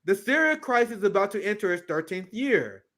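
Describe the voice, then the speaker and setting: High-pitched male commentary host, animated and profane, reading and reacting. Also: fairly quick. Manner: profane, animated, laughs often; reads clips aloud while reacting. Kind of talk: casual political commentary.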